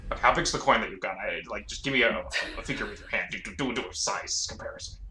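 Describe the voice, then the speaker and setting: A man playing a tabletop game, curious and excitable, peppering the game master with questions. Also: on the low side, fast, roomy sound, a little hiss or hum. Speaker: player. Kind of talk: casual tabletop game chat.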